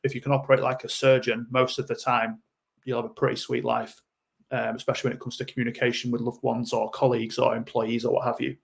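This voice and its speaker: A man's voice: medium pitch, level tone, fast talker, vocal fry. A man speaking as a guest in a podcast interview, explaining ideas bluntly and acting out short quoted lines. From United Kingdom. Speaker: guest coach.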